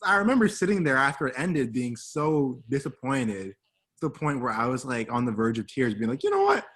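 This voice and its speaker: A man's voice: mid-range voice, fairly quick, a bit bright. A young man co-hosting a podcast, rambling and exaggerating in casual chat. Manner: rambling, hyperbolic, full of fillers and restarts. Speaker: podcast co-host.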